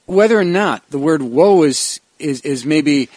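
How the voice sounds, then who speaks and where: Reflective pastor, man, slightly high voice. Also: expressive, measured pace, darkish tone, no echo. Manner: reflective, explanatory, with frequent restarts. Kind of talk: Bible study discussion.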